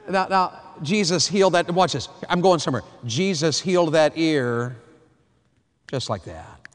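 A man, preaching a sermon, swinging from hushed to loud. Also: a little high, normal speed. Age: 50s. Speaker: pastor. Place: large church hall. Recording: long hall reverb.

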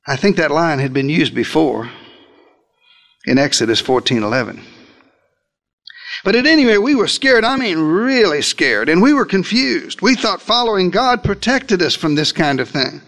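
A man's voice: fairly high pitch, lively intonation, normal speed, a bit bright. A male preacher delivering a sermon, retelling scripture as a dramatic first-person story and speaking directly to his listeners.

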